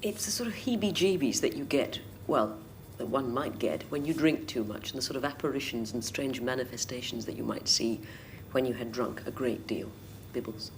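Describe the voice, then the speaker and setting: A woman, a guest on a panel game, giving a relaxed, wry definition. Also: very deep voice, moderate pace, creaky, slight background noise.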